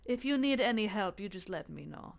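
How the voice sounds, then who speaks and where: A woman voicing a calm foreign woman gunsmith with a put-on Russian accent. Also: mid-range voice, a little fast, gravelly. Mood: relaxed.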